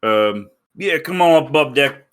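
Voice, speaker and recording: A man's voice: fairly high pitch, animated, a little hiss or hum, pitched above the performer's own voice, lightly acted. A man doing a weary folksy airship captain. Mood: welcoming. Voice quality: folksy, rough-spoken drawl. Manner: swears casually, hurried and welcoming.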